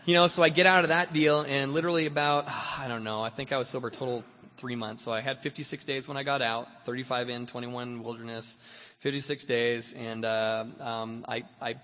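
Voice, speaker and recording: A man shares his recovery story as a guest speaker, rambling and self-mocking, leaning on "you know" between every thought. His voice is bright and forceful. The recording is dull and lo-fi, with a long reverb from the meeting hall. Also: mid-range voice, fairly even intonation, a little fast. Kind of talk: personal recovery testimony.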